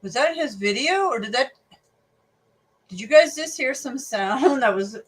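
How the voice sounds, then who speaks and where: A woman reacting to a video, excitable and incredulous, talking straight to her viewers. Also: high voice, unhurried, breathy edge, distant mic. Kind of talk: reaction commentary.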